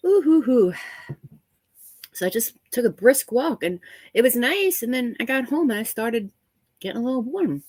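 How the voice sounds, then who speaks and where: A woman's voice: on the high side, expressive, normal speed, dry recording, low-quality recording. A woman chatting casually on a live stream from home, congested from a head cold, rambling and laughing often as she greets viewers by name. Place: small room at home.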